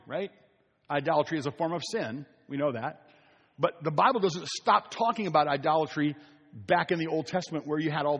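A man's voice: a little high, breathy edge. A man preaching a conversational sermon, repeating key phrases for emphasis. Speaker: pastor. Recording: long hall reverb.

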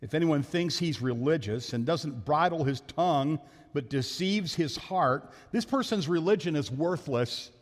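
A man preaching a sermon as pastor, talking fast and telling jokes in a church sanctuary. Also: fairly high pitch, expressive. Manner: fast-talking, joking storyteller. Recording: long hall reverb.

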